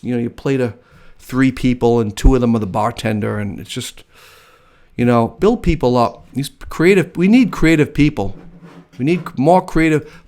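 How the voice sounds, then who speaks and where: An American man hosting a casual live-stream chat, talking in a chatty, enthusiastic way and laughing often. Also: medium pitch. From United States. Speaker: host.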